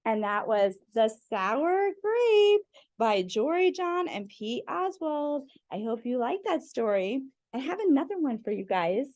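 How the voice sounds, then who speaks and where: A woman's voice: high voice, very animated, a little slow, darkish tone, no echo. A woman reading picture books aloud to children, chatting to them between pages. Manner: friendly, addressing kids directly. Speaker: storyteller.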